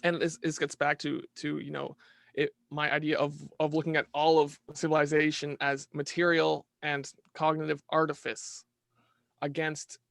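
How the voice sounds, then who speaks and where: A man talking as a podcast guest in casual conversation, animated, restarting his sentences and asking "right?" often. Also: on the high side, normal speed, creaky, no echo.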